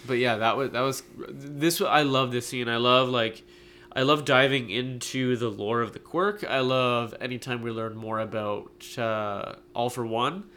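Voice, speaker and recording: Congested male co-host, relaxed and laughing, light noise underneath. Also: mid-range voice, unhurried. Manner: relaxed, laughing, says bro. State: stuffed-up nose. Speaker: podcast co-host. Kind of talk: casual chat.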